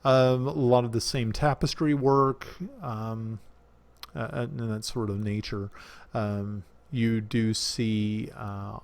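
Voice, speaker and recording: Slow, gravelly man running a tabletop game. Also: lowish voice, little pitch movement. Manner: halting, many fillers and restarts. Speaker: dungeon master.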